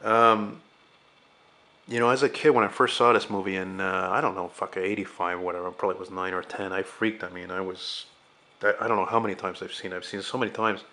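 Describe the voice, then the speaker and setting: A man's voice: deep voice, steady tone, a little fast, pushed and bright. Rambling man in his forties. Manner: rambling, hesitant, swears casually. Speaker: artist and channel host. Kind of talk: casual vlog talk.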